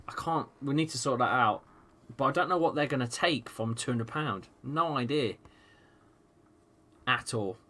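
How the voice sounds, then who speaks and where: A man hosting a live football watchalong stream, ranting at the match, swearing and reading out viewers' chat. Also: medium pitch. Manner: excitable, swears freely, rants at the match; reads out viewers' chat messages.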